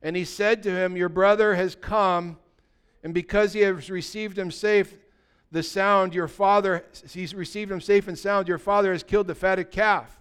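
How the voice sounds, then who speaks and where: A man, a pastor preaching a sermon and telling stories, swinging from loud passages to hushed ones. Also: high-pitched, steady tone, moderate pace, smooth. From United States.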